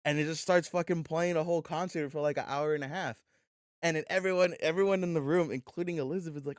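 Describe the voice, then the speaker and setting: A man co-hosting a podcast, telling a story in a loose, animated way, swearing freely and acting out the dialogue. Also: on the high side, fast talker, smooth, dry recording, studio quality. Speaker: podcast co-host. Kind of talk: casual storytelling chat.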